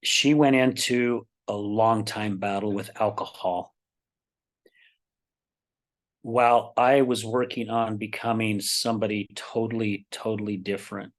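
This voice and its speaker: A middle-aged man from Utah, a podcast guest, telling personal stories in a lively way and acting out the dialogue. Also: lowish voice, a little slow. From Utah, United States. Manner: animated, acts out quoted dialogue in his stories. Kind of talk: personal storytelling in a podcast interview.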